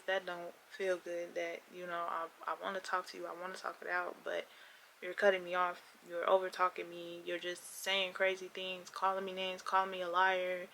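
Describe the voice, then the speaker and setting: A woman's voice: lowish voice, vocal fry, sharp tone, slight background noise. A young woman telling a personal story on her vlog, acting out both sides of an argument with emphasis.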